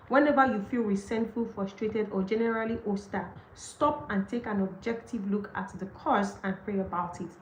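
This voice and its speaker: A woman's voice: medium pitch, normal speed, few pauses, echoey room, a little hiss or hum, poor audio. A young adult woman with a Nigerian accent, hosting a book session and commenting emphatically on what she reads, often laughing and acting out quoted excuses. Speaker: book discussion host. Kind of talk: live session reading and commenting on a marriage book.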